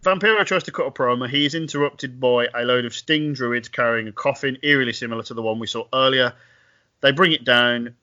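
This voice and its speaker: A man co-hosting a podcast, recapping events in a wry, animated way. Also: medium pitch, fairly quick, lo-fi sound. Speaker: podcast co-host. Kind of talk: casual podcast chat.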